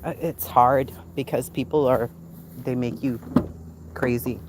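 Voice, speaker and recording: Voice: medium pitch, steady tone, measured pace, noisy background. A livestream host in casual commentary, snarky and profane, laughing often.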